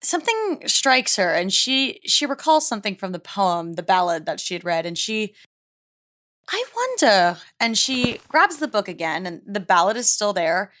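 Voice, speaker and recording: A woman taking part as a player in a tabletop role-play, narrating her character and asking a steady stream of questions. Her pitch moves up and down a great deal, and she sounds expressive throughout. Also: normal speed, few pauses.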